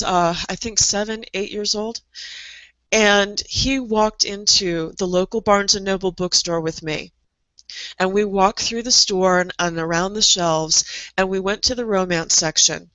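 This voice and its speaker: A middle-aged woman, a creative coach, gives a motivational online presentation to aspiring writers, speaking earnestly and guiding imagery with repeated phrases. Her medium-pitched voice is a bit bright, on a dry recording with the highs cut off.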